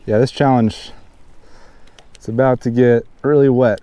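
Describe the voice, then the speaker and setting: Easygoing young man, mellow fishing vlogger. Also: mid-range voice, normal speed, long pauses, dry recording. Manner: chatty, excited when hooking fish. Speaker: fishing channel host. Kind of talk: casual outdoor vlog narration. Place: outdoors by a mountain pond, in rain.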